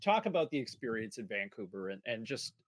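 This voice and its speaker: A man's voice: on the low side, big pitch swings, a little fast. A man co-hosting a podcast, asking rambling, hesitant questions in casual chat. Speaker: podcast co-host.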